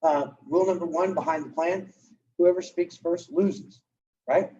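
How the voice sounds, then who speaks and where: A man's voice: on the high side, measured pace. A man coaching real estate agents in a live session, talking casually and acting out client exchanges. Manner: animated, conversational, acts out client dialogue. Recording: distant, dull lo-fi room recording.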